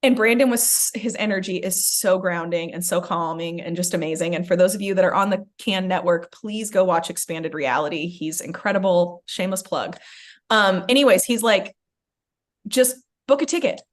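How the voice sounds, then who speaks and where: A young adult woman who hosts a podcast tells a personal story in casual chat, her voice lowish and her pace moderate. She's animated, says "like" constantly, and acts out what others said.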